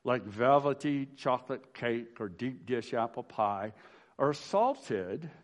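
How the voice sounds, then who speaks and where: A man's voice: medium pitch, lively intonation, takes it slowly. A man, a pastor, giving a memorial sermon in a folksy storytelling way, often restarting phrases and asking "right?". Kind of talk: funeral sermon.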